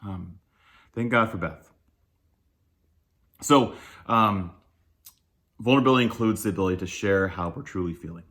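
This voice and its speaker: Male church speaker, slightly low voice, loose and candid sermon delivery with frequent chuckles. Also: normal speed, pauses often, fairly bright tone. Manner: candid, self-deprecating, chuckles often; loose with many fillers and restarts. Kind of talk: conversational sermon.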